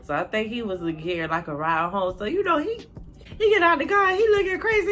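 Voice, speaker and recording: A woman telling a storytime vlog in a casual, animated way, cussing freely, talking straight to viewers and acting out quotes in high, loud bursts. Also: brisk. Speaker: storytelling vlogger.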